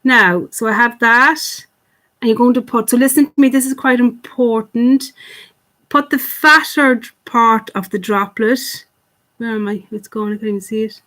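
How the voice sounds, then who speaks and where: A woman with a slightly high, somewhat bright voice teaches kids clay modelling online at a moderate pace. She's chatty and encouraging, speaks to the camera as though the children were present, and loves cute words like "little."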